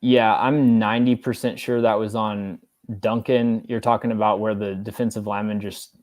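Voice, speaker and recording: Low-voiced man talking film, halting. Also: little pitch movement, darkish tone, no echo. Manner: halting, heavy on fillers and restarts. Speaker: guest football film analyst. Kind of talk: casual podcast chat.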